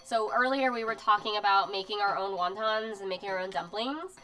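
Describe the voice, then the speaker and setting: A woman casually chats on a live stream while showing zines, reading magazine bits aloud with lots of fillers and emotional asides. Her medium-pitched voice is brisk, the audio is poor, and soft music plays in the background.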